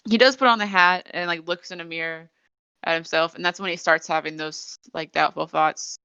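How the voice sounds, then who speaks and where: A woman's voice: fairly low pitch, steady tone, brisk, pushed and bright, clean tone, no echo, muffled recording. A woman podcast host in casual chat, recapping an episode in a rambling storytelling way with lots of fillers. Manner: chatty storytelling with many fillers.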